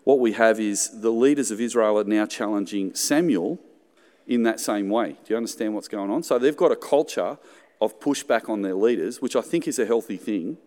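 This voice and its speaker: A man's voice: lowish voice, moderate pace, a little mellow. A middle-aged Australian man preaching a sermon in a conversational way, with joking asides and acted-out quotes. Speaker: pastor. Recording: hall reverb.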